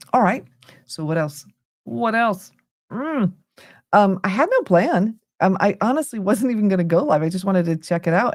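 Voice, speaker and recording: A woman's voice: mid-range voice, creaky, a little mellow, dry recording, clean studio sound. A middle-aged woman from the United States, tired and yawning, chatting casually and rambling as she hosts a late-night livestream. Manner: chatty, rambling, easily sidetracked. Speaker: livestream host.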